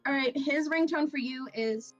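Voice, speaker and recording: A woman's voice: high-pitched, normal speed, dull audio, soft background music. A woman acting as game master, narrating a tabletop game in a casual, chatty way with many fillers. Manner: casual, laughing, full of fillers.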